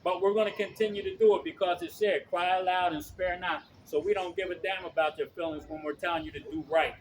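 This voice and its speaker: A man preaching outdoors on the street, loud and blunt, swearing and checking in with his listeners again and again. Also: sits high, steady tone, quick pace, slight background noise. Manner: loud, blunt, profane, keeps asking "okay?".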